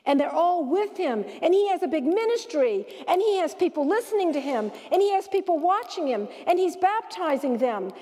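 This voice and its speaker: High-voiced woman teaching Bible study. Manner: animated, emphatic storytelling with sudden rises in voice. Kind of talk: women's Bible study lesson. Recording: long hall reverb.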